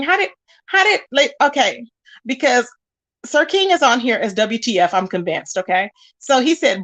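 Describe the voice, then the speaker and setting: An animated woman hosts a casual livestream, reading comments from her chat. She reacts with quick exclamations and bursts of laughter. Her voice sits a little high. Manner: animated, laughs often, calls viewers baby and child.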